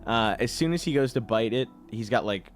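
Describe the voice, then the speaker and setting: A man narrating as game master in a tabletop game, talking lively with many fillers. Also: medium pitch, a little fast, soft background music. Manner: lively, laughing, full of fillers.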